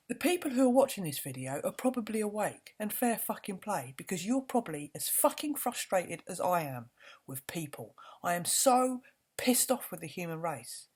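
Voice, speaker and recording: A woman's voice: medium pitch, slightly rough. A woman vlogging an indignant, swearing rant to camera, repeating words for emphasis.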